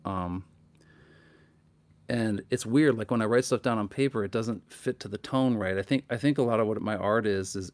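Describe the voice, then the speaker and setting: Musing man chatting between songs. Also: on the low side. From Minnesota. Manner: rambling, thoughtful, frequent restarts and "like". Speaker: singer-songwriter on a livestream. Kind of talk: casual chat between songs. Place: living room at home.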